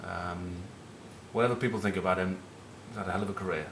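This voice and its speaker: A man's voice: sits low, fairly even intonation, quick pace, a bit bright, echoey room, slight background noise. A middle-aged man from northern England with a Northern English accent, a former rugby captain rambling through cheeky, sweary match talk and anecdotes. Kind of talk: casual rugby chat with anecdotes.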